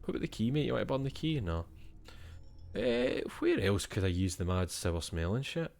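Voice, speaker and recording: A man's voice: lowish voice, big pitch swings, normal speed, vocal fry, a little mellow. A young Scottish man playing a video game and thinking aloud in casual, swear-filled commentary. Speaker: gaming streamer.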